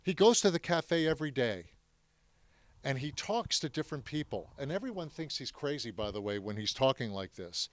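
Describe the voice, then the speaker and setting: A man's voice: mid-range voice, sing-song, normal speed, no echo. Brief: man addressing a class, emphatic, checks in with listeners, dry close sound. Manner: emphatic, addresses the audience with questions. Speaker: speaker telling his family's story to students. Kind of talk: classroom talk.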